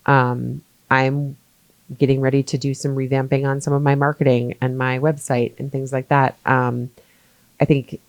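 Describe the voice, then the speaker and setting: A woman real estate agent co-hosting a podcast, speaking in a reflective, measured way. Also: very deep voice, little pitch movement, no room sound. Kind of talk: casual podcast chat.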